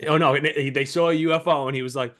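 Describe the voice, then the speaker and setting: A man's voice: a little high, racing. A young man co-hosting a podcast, arguing emphatically in casual, profane chat. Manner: emphatic, profane, animated storytelling. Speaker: podcast co-host.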